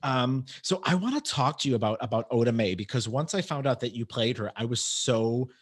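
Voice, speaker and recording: A man's voice: medium pitch, lively intonation, a little fast, husky. Chatty male podcast host, rambling. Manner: chatty, rambling with frequent restarts. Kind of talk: casual interview chat.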